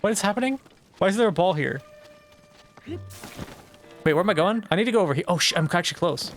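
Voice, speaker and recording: A man's voice: high-pitched, lively intonation, fast talker, faint music behind. A young man streaming a video game, talking to chat and getting frustrated, swearing and exclaiming at the game. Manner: talks back to chat. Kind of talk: live gameplay commentary.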